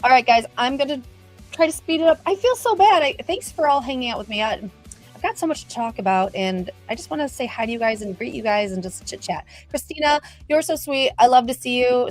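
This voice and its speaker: A woman's voice: a little high, animated, normal speed, soft background music. A middle-aged woman hosting a casual livestream, chatty and bubbly, greeting viewers by name. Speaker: livestream host.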